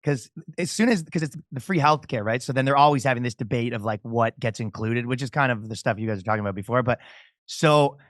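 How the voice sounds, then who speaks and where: A man's voice: mid-range voice, quick pace, dry recording, clean studio sound. A Canadian man, a comedian guest in casual podcast chat, rambling, laughing often and restarting his sentences.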